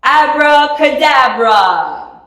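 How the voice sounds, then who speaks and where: A woman voicing an excitable, cheerful witch who shouts her spells in a drawn-out way. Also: a little high, distant mic, voice pushed up, full character voice. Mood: exclaiming. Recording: echoey room, voice off mic.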